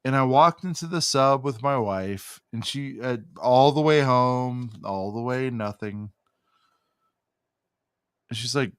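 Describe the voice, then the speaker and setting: A man's voice: medium pitch, unhurried, smooth, no room sound. A man talks unhurriedly on a casual podcast, winding through a profane, ranting story. His voice sits close and dry, with no room sound around it. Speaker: podcast co-host.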